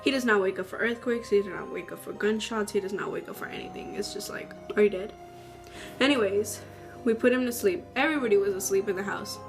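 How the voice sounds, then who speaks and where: A woman telling a story in a casual, slangy, animated way. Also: mid-range voice, fast. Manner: chatty, slangy, animated retelling with acted-out quotes. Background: faint background music.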